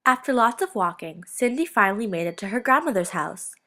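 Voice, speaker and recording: A woman reading a fairy tale aloud as narrator, in a steady read-aloud way. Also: mid-range voice, fairly quick. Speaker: student reader.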